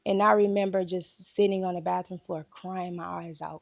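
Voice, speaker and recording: A woman speaks with a gravelly, fry-edged voice, holding back tears as she tells a painful story. Her delivery is confessional and raw, the sound close and dry. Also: on the low side, fairly even intonation, normal speed, no room sound. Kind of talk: candid group conversation.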